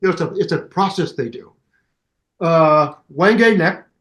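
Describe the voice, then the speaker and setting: Older guy with a high-ish voice, animated, telling stories in an interview. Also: measured pace. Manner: animated storyteller, mimics voices and sounds. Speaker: guest musician. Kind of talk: casual interview chat.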